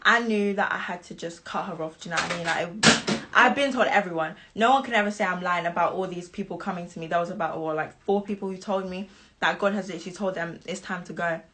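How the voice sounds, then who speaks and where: A woman's voice: lowish voice, fast, fairly bright tone, slight background noise. A young woman, telling her side of a falling-out in a casual live-stream storytime, chatty and indignant. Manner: chatty, indignant, keeps asking "do you know what I mean".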